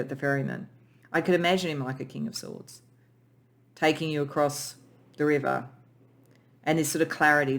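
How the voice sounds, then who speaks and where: A tarot reader giving a pick-a-pile reading in an emotional, soft, spiritual way, often restarting sentences and at times near tears. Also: medium pitch, creaky. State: tearful.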